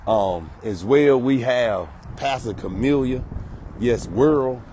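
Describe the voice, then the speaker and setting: A man records a live promo outdoors on a phone, and his voice sits at an ordinary pitch for a man. He talks in a hyped, repetitive way, piling up slogans and shout-outs. Faint street noise runs underneath. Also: animated, slow. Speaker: solar sales promoter.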